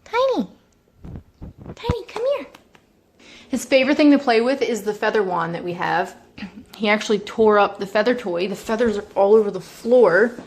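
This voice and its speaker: A young woman casually introducing her pet cats at home, chatty, sometimes slipping into high baby talk for them. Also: brisk, darkish tone, a little hiss or hum. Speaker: vlogger. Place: home, indoors.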